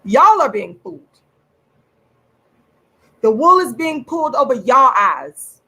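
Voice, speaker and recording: A woman delivers a furious rant to her channel's viewers, her husky voice bright and high. She swings widely in pitch, repeats herself and stretches words out for emphasis. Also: big pitch swings, rough recording. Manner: furious, repetitive, swearing, drawn-out emphatic words. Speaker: channel host. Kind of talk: angry direct-to-camera rant.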